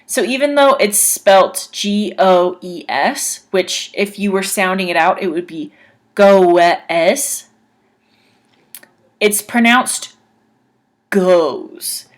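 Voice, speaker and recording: A woman's voice: medium pitch, expressive, measured pace, few pauses. A woman teaching an English grammar lesson, carefully sounding out words letter by letter and repeating examples.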